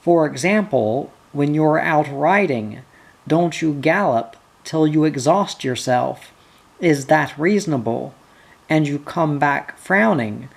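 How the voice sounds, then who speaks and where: A reader voicing a young noblewoman who speaks in a gentle, coaxing and caring way. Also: deep voice, gravelly, full character voice.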